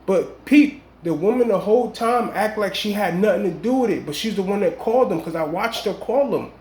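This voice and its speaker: A man's voice: high-pitched, lively intonation, fairly quick, darkish tone. A man telling a long dream story in casual, rambling street slang with emphatic warnings. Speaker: vlogger. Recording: echoey room.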